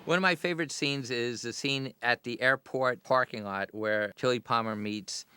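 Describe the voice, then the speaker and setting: A middle-aged man, a film director, telling relaxed anecdotes in a commentary interview. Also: medium pitch, moderate pace, background noise.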